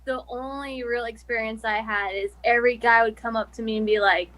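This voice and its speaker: A young woman as a guest in a casual interview, relaxed and giggly, giving short answers. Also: on the high side, a little fast, poor audio. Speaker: guest streamer.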